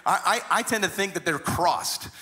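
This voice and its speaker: Male pastor, high bright voice, animated storytelling sermon, repeats himself often. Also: normal speed. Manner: frequent repeated words and restarts.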